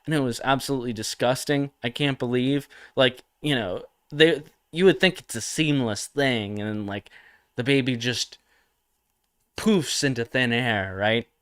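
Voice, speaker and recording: A man's voice: mid-range voice, measured pace, a bit bright, clean tone, dry recording, clean studio sound. A young man hosting a satirical comedy livestream, talking provocatively and mockingly and reading comments from chat.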